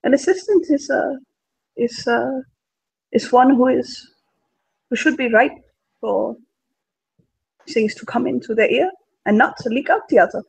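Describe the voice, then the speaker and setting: A man playing a tabletop role-playing game, speaking in character with an earnest, halting delivery. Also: vocal fry, husky, no room sound, poor audio. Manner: earnest, halting pitch with fillers. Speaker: player.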